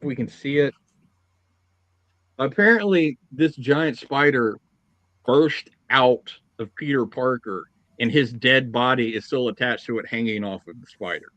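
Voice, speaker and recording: A man's voice: medium pitch, a little slow, a bit bright, no room sound, highs cut off. A man giving a blunt, opinionated comic review in casual chat, swearing freely. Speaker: podcast guest.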